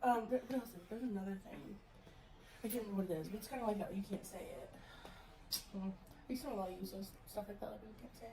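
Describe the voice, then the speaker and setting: A young woman chatting casually late at night with a friend, tired, self-deprecating and quick to laugh. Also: mid-range voice, roomy sound. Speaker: friend of the vlogger.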